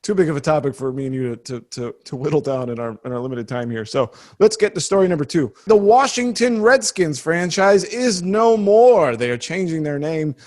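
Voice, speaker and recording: In a mid-range, somewhat dark voice, a male co-host talks fast with hardly any pauses during casual podcast chat. He brings up the stories in a rambling, halting way, restarting often and laughing a lot.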